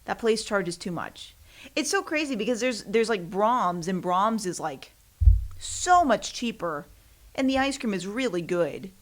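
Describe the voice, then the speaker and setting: A woman's voice: medium pitch, expressive, measured pace, fairly bright tone. A young woman hosting her own podcast, chatting casually in a rambling, self-deprecating way with frequent laughs. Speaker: podcast host. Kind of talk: casual solo chat.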